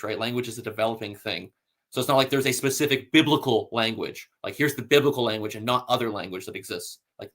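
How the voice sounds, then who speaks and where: A man's voice: medium pitch, a bit bright. A man hosting a casual scholarly discussion, explaining patiently and reading citations aloud with frequent fillers. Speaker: host.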